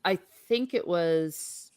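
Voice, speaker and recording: A woman hosting a casual book discussion, chatty and animated, laughing often and swearing casually. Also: on the low side, takes it slowly, clear, resonant tone, dry recording. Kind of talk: casual chat.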